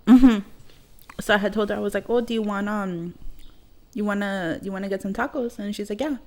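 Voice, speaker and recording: A woman in her thirties hosts a podcast and tells a personal story in loose, casual chat. She speaks bluntly and swears heavily, and she rambles with plenty of fillers. Her voice sits at an ordinary pitch. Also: fairly quick, darkish tone. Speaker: podcast host.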